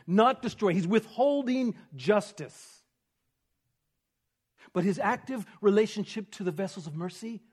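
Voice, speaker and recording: Male pastor, high voice, teaching sermon, alternates forceful emphasis with soft hushed asides. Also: moderate pace, slightly rough. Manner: swings from emphatic to hushed, near-whispered stress; teaching with rhetorical questions. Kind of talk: expository sermon.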